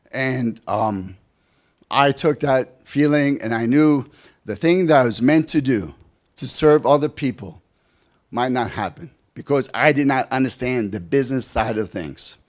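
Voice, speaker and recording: A middle-aged man speaks from a conference stage, telling a personal story with plenty of life. His voice sits mid-range, and he keeps turning to the audience with quick questions. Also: mid-range voice. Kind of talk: motivational talk. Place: conference hall.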